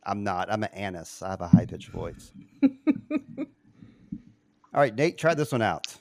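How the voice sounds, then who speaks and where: A man's voice: low voice, big pitch swings, a little slow, vocal fry, a little mellow, a little hiss or hum. A man hosting a casual chat, playfully quizzing his co-hosts and laughing often. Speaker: podcast host quizzing co-hosts.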